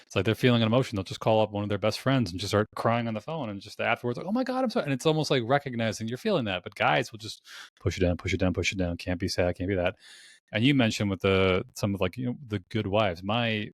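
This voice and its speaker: A young man hosts a podcast in a lowish voice, thinking out loud in a loose, rambling way that leans heavily on "like." The sound is dry and close, with no room around him. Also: fast, no echo. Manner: casual and rambling, heavy use of "like". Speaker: podcast host. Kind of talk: conversational podcast interview.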